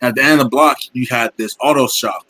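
Young man, bright voice, slangy, animated storyteller, casual chat. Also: mid-range voice, fast, dry recording, poor audio.

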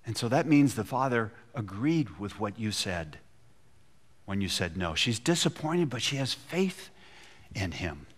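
A man's voice: lowish voice, sing-song, unhurried, breathy edge. A man preaching a sermon, retelling a scripture story and acting out the quotes with feeling. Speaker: pastor.

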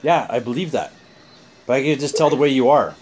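An angry man lectures someone over a phone call, swearing constantly. He talks quickly at a mid pitch. A faint hum of noise sits behind him. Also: darkish tone. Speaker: caller in a family phone argument. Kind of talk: heated phone argument.

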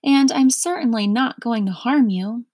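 A pleasant old witch speaks in a soft, unhurried and reassuring way, as a woman reads her lines. The storybook voice sits higher than the reader's plain tone and comes over a dry, close sound. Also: no echo. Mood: gentle. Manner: soft-spoken, casual and reassuring. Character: kindly old female witch, gentle and polite.

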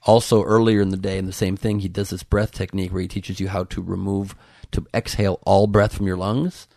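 A man with a low, gravelly voice chatting as a podcast guest. He rambles through his stories and pokes fun at himself. The recording is close and dry. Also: level tone, brisk, a little mellow, dry recording. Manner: rambling, self-mocking storytelling. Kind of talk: casual podcast chat.

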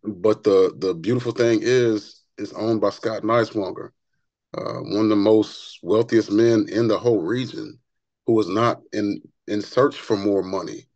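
A man's voice: fairly low pitch, a little slow, dry recording, highs cut off. Earnest man telling stories, dry sound. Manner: earnest, animated storyteller; repeats words when excited. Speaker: barber and author, podcast guest. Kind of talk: conversational interview storytelling.

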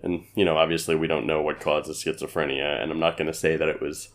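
Deep-voiced young man with deadpan humor. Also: fast talker. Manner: dry, deadpan jokes. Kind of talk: casual chat.

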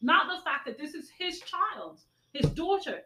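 A woman's voice: sits high, sing-song, measured pace, pushed and bright, echoey room, rough recording. A woman co-hosting a heated casual discussion, talking emphatically and repeating her points for stress. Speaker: podcast co-host.

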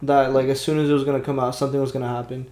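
A young man co-hosting a podcast in casual chat, talking in quick, animated bursts full of filler words. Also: medium pitch. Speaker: podcast co-host. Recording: roomy echo.

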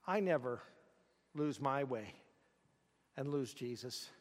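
A man's voice: mid-range voice, expressive, slow, long reverb tail. A man preaching a sermon, telling the story dramatically and asking the listeners rhetorical questions.

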